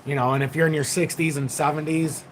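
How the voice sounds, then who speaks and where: A middle-aged man hosting a casual livestream from home, reading viewer comments in a deliberately low, calm voice. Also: slight background noise, low-quality recording. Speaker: livestream host.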